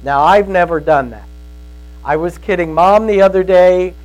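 A man's voice: high voice, normal speed, a little mellow, poor audio. A man giving a conversational sermon as a Bible teacher, telling stories in a folksy way and often checking in with his listeners. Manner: storytelling, folksy, asks "right?" often.

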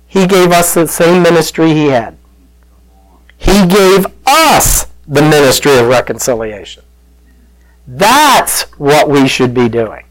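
With a high-pitched voice, a pastor preaches to his congregation, spinning the story in a conversational, animated way and calling out to his audience. The audio is dry and poor.

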